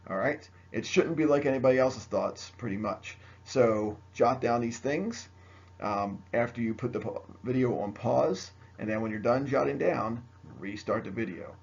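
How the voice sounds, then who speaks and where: A man's voice: mid-range voice, moderate pace, creaky, darkish tone, lo-fi sound. A man teaching a history lesson by video, chatty and joking, speaking straight to his students. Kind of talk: recorded video lecture.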